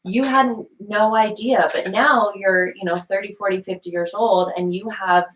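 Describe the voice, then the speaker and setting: A woman guest explaining therapy techniques in conversation, animated and expressive, swearing casually. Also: medium pitch, moderate pace, poor audio. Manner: animated, acts out example scenes, swears casually.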